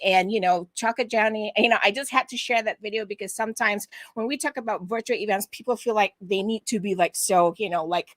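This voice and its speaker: A woman's voice: fairly high pitch, a bit bright, no room sound. A woman hosting a live-streamed panel, upbeat and laughing often on a video call. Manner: upbeat, laughs often, keeps saying "right?". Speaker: host.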